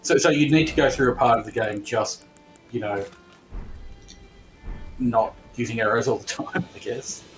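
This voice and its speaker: A man with a medium-pitched voice talks through game strategy calmly and patiently, pausing on hesitant fillers. He sounds relaxed and conversational. Faint music runs in the background. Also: low-quality recording. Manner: calm, explanatory, hesitant fillers. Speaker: co-host player. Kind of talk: casual gameplay chat.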